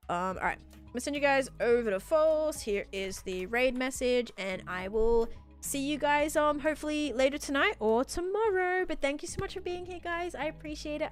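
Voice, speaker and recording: A woman chatting casually and bubbly on a live stream while playing, thanking her viewers. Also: a little high. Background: faint background music.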